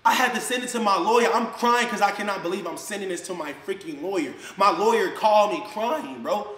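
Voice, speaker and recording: High-voiced man in a heated rant. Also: brisk, fairly bright tone, reverberant. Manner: heated, accusing, slangy. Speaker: social media personality. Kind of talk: confrontational rant to the camera.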